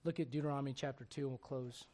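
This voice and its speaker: A man preaching a sermon as pastor, speaking emphatically with loud bursts and direct questions to the congregation. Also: medium pitch, steady tone, racing.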